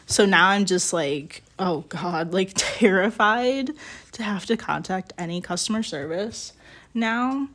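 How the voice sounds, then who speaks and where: A young woman streamer making ceramics talks casually while she works in her home pottery studio, wandering through a story peppered with fillers and small laughs. Her voice is on the low side, creaky and a bit bright.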